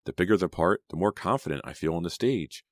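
Eager high school girl, a deep-voiced guy reading her way up high, breathless and bubbly, dry close sound. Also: expressive, fast talker, a little mellow, no room sound. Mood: excited. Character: eager teenage girl, shy turned confident. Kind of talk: audiobook character reading.

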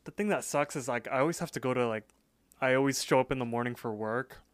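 A man's voice: medium pitch, fast talker, dry recording. A young man co-hosting a podcast, casually retelling a cartoon episode with lots of "like" and acted-out quotes. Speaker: podcast co-host. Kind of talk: casual chat, episode recap.

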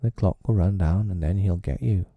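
A man's voice: low-pitched, normal speed, gravelly, no room sound, phone-quality sound. A man voicing an eager, simple-minded pirate boatswain in a storybook reading, with an admiring way of speaking.

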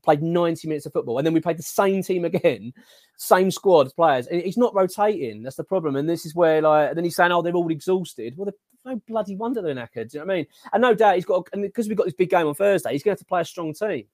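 A man's voice: sits high, fast, dry recording, studio quality. A man, hosting a casual football podcast and ranting animatedly, stumbling over his words. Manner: animated, ranting, filler-heavy. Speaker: podcast host.

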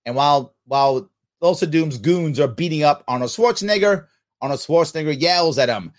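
A man's voice: on the high side, fairly quick. A man hosting a podcast, delivering mocking, sarcastic political commentary. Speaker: podcast host.

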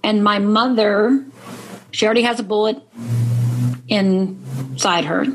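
A woman's voice: medium pitch, steady tone, slow, background noise. A middle-aged woman from Upper Michigan, a life coach, telling a personal story in an interview, earnestly checking in with "right?". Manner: earnest, frequent "right?" tags.

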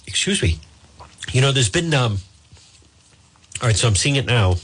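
A man's voice: medium pitch, expressive, normal speed, a bit bright, breathy edge. A male radio host, chatting live on air while fighting hiccups and apologizing with self-mocking humor. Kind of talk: live talk radio, casual.

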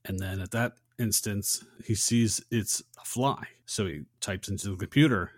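Guy on a movie podcast, kinda low voice, dead dry recording, just rambling thru the plot and then and then. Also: moderate pace, few pauses, no echo. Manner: retells scenes in long chains of "and". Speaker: podcast co-host. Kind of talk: casual film discussion.

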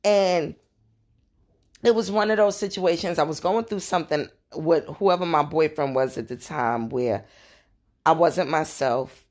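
Low-voiced chatty New woman. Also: unhurried. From New York. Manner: chatty, animated, laughing asides. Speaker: podcast host. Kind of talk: casual storytelling.

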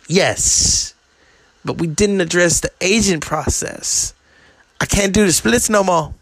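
A man putting on an aging soul singer who whines and pleads in a raised, strained voice. The drawl is slow and gravelly, and the sound is dry and close. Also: high voice, a bit bright, dry recording, voice pushed up, heavily acted. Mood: pleading.

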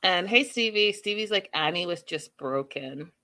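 Bright-voiced woman recapping a reality show. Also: on the low side, normal speed. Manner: animated, paraphrases cast members, reads viewer comments. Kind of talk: casual recap chat.

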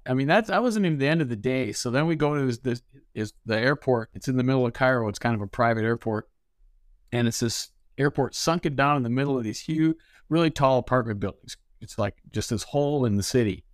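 A man spins animated stories, acting out each exchange with bursts of laughter. His voice sits at an ordinary pitch and the recording is dry and close. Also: fairly quick, no room sound. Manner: animated, laughing storyteller who acts out dialogue. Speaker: ferry pilot guest. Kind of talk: storytelling interview.

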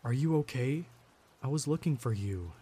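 Man doing a scared young hiker guy, breathless, lower and dark voice. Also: expressive, normal speed, slightly rough. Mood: anxious. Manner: panting, scared. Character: frightened young male hiker.

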